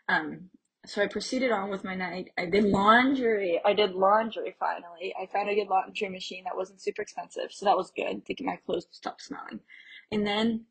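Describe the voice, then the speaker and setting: A young woman from Pennsylvania, a travel vlogger, tells a casual travel story in a very breathy, airy voice. Her pitch is medium with fairly even intonation, and she talks fairly quickly, saying "like" constantly and laughing between thoughts. The recording is rough.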